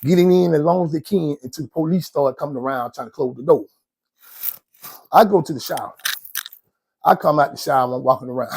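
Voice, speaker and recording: A man hosting and telling a story in a slangy, animated way. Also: on the high side, brisk, vocal fry, long pauses, slight background noise. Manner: animated, slangy, laughs often. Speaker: host storyteller. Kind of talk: casual storytelling.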